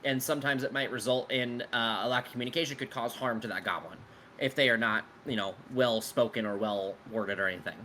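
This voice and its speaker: A man at a mid pitch with a bright, forceful voice, talking as a game master who answers his players' questions about his world. He rambles loosely, piles on fillers and drops casual swears. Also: fairly even intonation, brisk, slight background noise.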